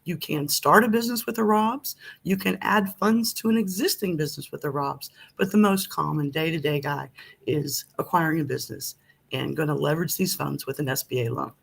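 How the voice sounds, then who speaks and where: A confident woman guest talks through financing with upbeat energy. Her voice has a gravelly, husky edge. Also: low voice, brisk. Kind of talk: casual video podcast talk.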